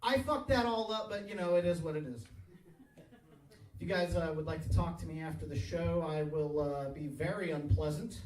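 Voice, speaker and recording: A man's voice: fairly high pitch, moderate pace, noisy background. A man in his thirties performing a crude, self-mocking stand-up set in a small tavern, chuckling at his own jokes. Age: 30s. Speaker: stand-up comedian. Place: small tavern stage, live audience. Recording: echoey bar, voice from far off.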